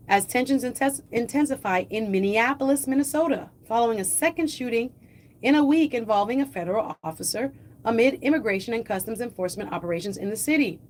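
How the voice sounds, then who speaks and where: A woman talk-show host in a studio, with a voice pitched a little high. She speaks conversationally and with emphasis, repeating her points for her listeners as she moves through a news roundup. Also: slight background noise.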